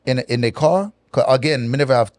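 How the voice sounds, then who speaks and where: A man's voice: mid-range voice, dry recording. Man with speech. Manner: animated, patois-laced, drawn-out pauses. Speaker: guest. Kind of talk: casual storytelling interview.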